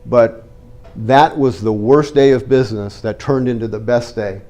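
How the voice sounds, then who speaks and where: A middle-aged man talks to a room of listeners, warm and mellow in tone with a slight cold in his voice. He tells his story plainly and earnestly. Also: medium pitch, fairly even intonation, normal speed, faint music behind. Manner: conversational, earnest, direct storyteller. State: has a cold. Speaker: real estate investor giving a talk. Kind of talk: storytelling talk to a live audience.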